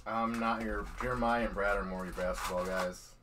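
A man's voice: fairly low pitch, fairly even intonation, normal speed. A man hosting a hockey card break, chatting casually and joking with his co-host as he opens packs. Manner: loose, joking, trailing off mid-sentence. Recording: noisy room.

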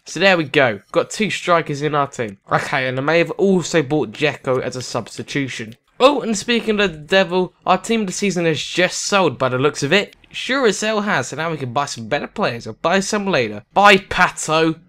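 A young British man giving gameplay commentary on a football video game, excitable and sarcastic, shouting at goals. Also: a little high, moderate pace, hardly any pauses. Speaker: gaming commentator.

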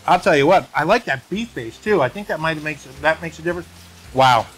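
A man's voice: fairly high pitch, animated, fast talker, a bit bright, slight background noise. A man hosting an outdoor cooking video at his grill, chatty and enthusiastic, often repeating his words. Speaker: host of a grilling channel. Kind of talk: casual cooking video chat.

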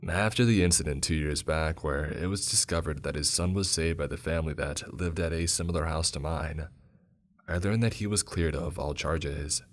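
A man narrating a horror story in a steady, grave tone. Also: very deep voice, moderate pace. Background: soft music.

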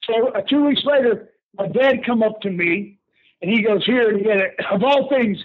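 A man's voice: high voice, normal speed. An older man, a guest telling stories casually over the phone, acting out the people he quotes and laughing often. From Houston, Texas. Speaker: guest, former pro wrestler. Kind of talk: casual storytelling. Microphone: phone call. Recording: tinny phone line.

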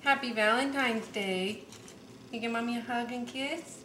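Woman, mother, patient and encouraging, slow lilting delivery; far-off roomy home-video sound. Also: a little high. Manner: slow, encouraging, sing-song prompting. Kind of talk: home video, coaching a toddler. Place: family home, indoors. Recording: roomy home room, mic far off, background noise.

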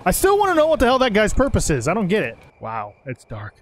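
A young man giving joking, animated commentary while playing a game, swearing and talking to the characters. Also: very high-pitched, very fast, a little hiss or hum. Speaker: gaming channel host. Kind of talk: casual gameplay commentary.

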